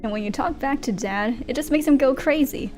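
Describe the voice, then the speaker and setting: Woman voicing a calm teenage boy. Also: high-pitched, a little fast, soft background music, close to an everyday voice. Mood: reasoning. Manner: soft, reasoning. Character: calm cautious teenage twin brother.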